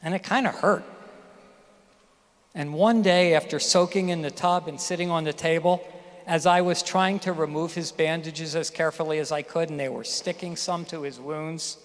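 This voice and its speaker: A middle-aged physician giving a graduation speech, telling a personal story in a candid, emphatic way. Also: male voice, on the high side. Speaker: commencement speaker, physician. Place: graduation ceremony hall. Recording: hall reverb from a ceremony venue.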